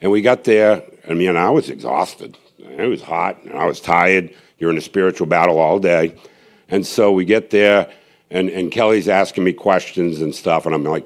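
A man's voice: low voice, moderate pace. A man, a street evangelist, telling a gathering his testimony in a rambling, earnest way, with many restarts and asides.

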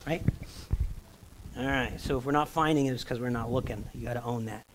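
In a church sanctuary, a man pastor preaches a sermon through a stage microphone, his mid-range voice brisk over a noisy background. He keeps it jokey and conversational, checking in with the congregation often.

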